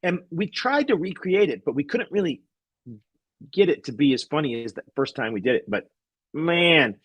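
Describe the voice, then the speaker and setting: Man, husky voice, slightly high pitch, dry close sound, chatty laughing storyteller. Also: expressive, moderate pace, a bit bright, no echo. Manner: laughing, rambling anecdote with restarts. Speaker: guest magician. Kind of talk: casual storytelling chat.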